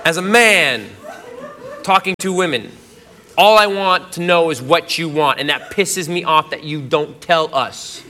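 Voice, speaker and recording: A man doing a stand-up routine, ranting loudly in mock exasperation. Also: a little high, unhurried. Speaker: stand-up comedian. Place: comedy stage. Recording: live show with audience laughter and noise.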